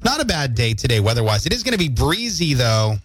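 A man's voice: mid-range voice, sing-song, fast, dry recording. Man, morning radio host, jokey, reads listener comments, studio mic, very dry sound. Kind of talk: casual radio banter and news updates. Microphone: studio microphone.

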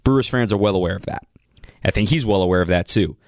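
Speaking fast in a deep voice, this man runs a sports talk radio program in a studio, and there's no room sound on his studio mic. His style is energetic and chatty as he fields calls and recites phone numbers.

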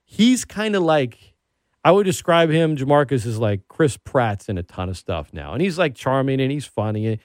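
A man hosting a casual talk show, an animated storyteller who gets worked up. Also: medium pitch, normal speed, dry recording, clean studio sound. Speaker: podcast host. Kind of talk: casual chat.

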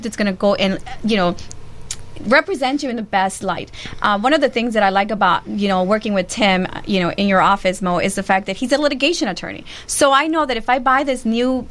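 A woman's voice: on the high side, fairly bright tone. A woman hosting a casual panel chat, explaining the process to first-time buyers with enthusiasm.

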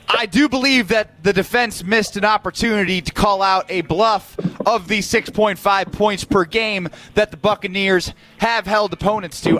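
A man's voice: sits high, bright, forceful tone, poor audio. Man rambling as a mock juror. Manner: rambling, overly serious. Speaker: radio guest playing juror. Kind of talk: mock courtroom bit on sports radio.

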